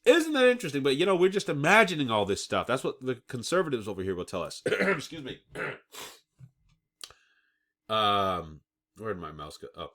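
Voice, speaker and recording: Man, channel host, reads reports then comments, emphatic, very lively pitch, trips over words and laughs it off. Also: moderate pace, pauses often. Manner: emphatic, keeps checking in with "okay?". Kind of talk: commentary on read-out news reports.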